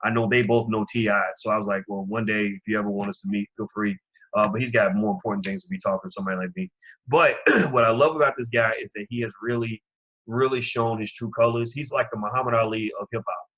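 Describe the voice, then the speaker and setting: A man's voice: lowish voice, quick pace, a bit bright, muffled recording. A man hosting his own commentary show, talking to his listeners in an impassioned, preaching way. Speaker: commentary channel host. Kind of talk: opinion commentary.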